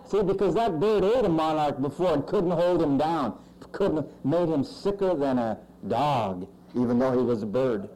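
A male pastor preaching a sermon with emphatic swings in pitch and loudness. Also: moderate pace, hardly any pauses, low-quality recording.

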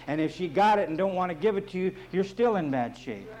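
A man's voice: sits high, expressive, a little fast, darkish tone. A man preaching as pastor, emphatic and repetitive, with folksy asides and jokes. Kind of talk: sermon.

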